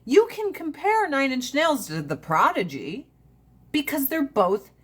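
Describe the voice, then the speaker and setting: A woman's voice: high voice, sing-song, a little slow. A woman hosting a casual livestream chat, blunt and profane, rambling from one rant to the next. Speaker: livestream host.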